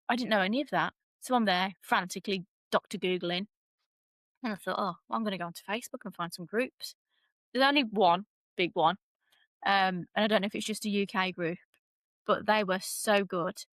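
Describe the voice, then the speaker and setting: A young British woman guest on a podcast, telling her story in a lively, dramatic way and laughing often. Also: mid-range voice, dry recording. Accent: British English. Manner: animated, self-described dramatic, laughs often. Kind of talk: casual storytelling interview.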